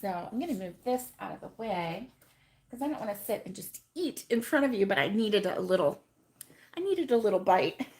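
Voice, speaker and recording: A middle-aged woman hosting a casual crochet live stream, chatting with viewers by name and laughing often, her voice still hoarse from being sick. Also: mid-range voice, big pitch swings, moderate pace, a little mellow. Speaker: crochet channel host.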